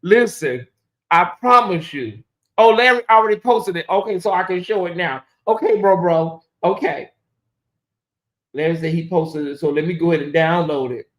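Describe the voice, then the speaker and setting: A man hosting a casual live-stream commentary, chatty and animated, often calling out to viewers. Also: high voice, moderate pace. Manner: animated, chatty, laughs and addresses viewers as y'all. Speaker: commentary channel host.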